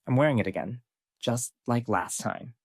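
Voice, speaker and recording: A man voicing a young male fighter who has lost his memory, asking cold, flat questions. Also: medium pitch, moderate pace, breathy edge, no echo, clean studio sound. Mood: puzzled.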